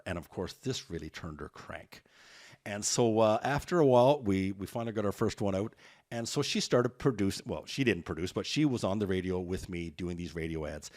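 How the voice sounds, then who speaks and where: A man telling stories as a guest in a podcast interview, energetic and rambling. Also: on the low side, a little fast. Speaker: guest realtor.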